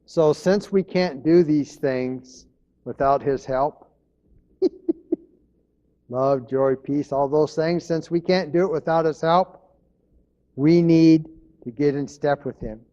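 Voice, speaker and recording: A man's voice: a little high, takes it slowly, pauses often, dark tone, muffled recording. A man preaching a sermon as pastor, in an earnest manner, repeating his key phrases.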